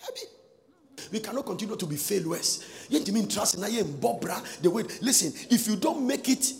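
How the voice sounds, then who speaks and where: Male preacher, lively sing-song delivery, loud shouts dropping to asides, long hall echo. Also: sits high, normal speed, vocal fry. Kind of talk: sermon. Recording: long reverb of a large hall.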